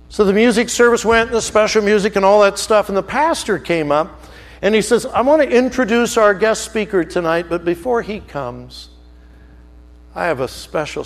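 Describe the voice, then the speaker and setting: A man preaching a sermon as a story, animated, swinging from loud outbursts to hushed, slow emphasis. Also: high voice, creaky, in a large hall.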